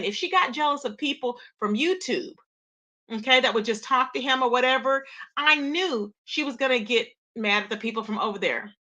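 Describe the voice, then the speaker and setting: A high-pitched woman hosts a chatty gossip livestream and keeps talking straight to her viewers. Her voice is bright and sharp, and her speech has features. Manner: chatty, greets viewers by name, calls them babe and child. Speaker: YouTube commentary livestream host. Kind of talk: casual livestream gossip commentary.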